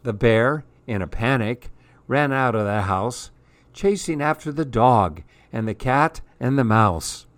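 A man's expressive, middle-pitched voice reads a rhyming children's story aloud, slow and measured so the verse keeps its rhythm. The recording is dry and close, free of any room sound.

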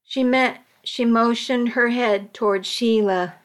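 A woman narrating a story aloud in first person, slow and careful, now and then correcting herself. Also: medium pitch, steady tone.

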